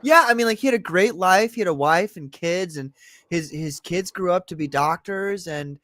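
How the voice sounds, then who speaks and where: A man's voice: high voice, moderate pace, a bit bright, no echo. A man hosting a casual podcast chat, joking and laughing often as he tells stories. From North America. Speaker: podcast host. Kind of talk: casual banter.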